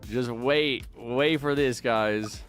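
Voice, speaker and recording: Young dude streaming from home, mid voice, rambly back-and-forth with chat, bit of quiet music behind. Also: male voice, mid-range voice, slow. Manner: casual, rambling, argues back at chat with many restarts. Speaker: game streamer. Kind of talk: live-stream chat while gaming.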